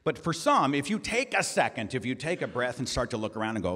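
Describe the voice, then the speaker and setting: A man's voice: mid-range voice, sing-song, fast, bright, forceful tone, breathy edge, big-room sound. A man giving a talk, with a conversational manner and many rhetorical questions. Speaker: guest speaker. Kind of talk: lecture presentation. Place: lecture hall.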